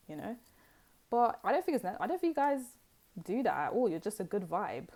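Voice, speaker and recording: A woman's voice: medium pitch, very animated, fairly quick, darkish tone. A woman giving a casual pick-a-card tarot reading, chatty and rambling, with many fillers and asides.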